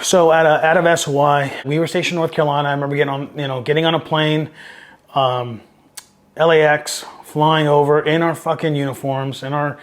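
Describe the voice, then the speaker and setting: A middle-aged man from Southern California, a Marine veteran, telling stories with a slightly higher-than-usual voice. He rambles and swears freely. His voice gets animated when he quotes other people. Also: fairly quick. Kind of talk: casual storytelling interview.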